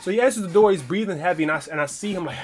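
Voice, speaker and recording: A streamer tells a story in a loose, animated way, swearing freely and restarting his sentences as he goes. His voice sits a little higher than most men's. He sounds casual and unscripted. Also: very fast, slight background noise. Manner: animated, profane, rambling storytelling with many restarts.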